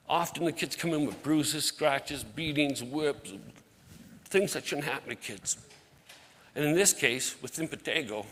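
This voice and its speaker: A middle-aged man speaks from a church stage, his voice set a little high and slightly husky. He tells his story in a folksy, plain-spoken way and slips into the voices of the people in it. A long hall reverb trails after each phrase. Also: a bit bright. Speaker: outreach ministry leader, guest speaker. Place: church sanctuary.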